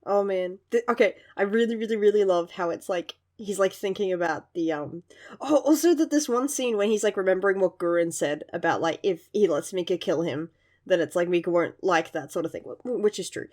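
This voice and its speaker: A young woman reviewing a manga chapter in casual chat, gushing and giggling often, with lively asides. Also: on the low side, brisk.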